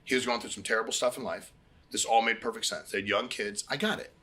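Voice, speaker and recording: A middle-aged man hosting a recruiting meeting, giving a casual motivational pitch and telling stories with quoted dialogue. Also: fairly even intonation, fast, bright, forceful tone. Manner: conversational, storytelling with quoted dialogue, repeats phrases.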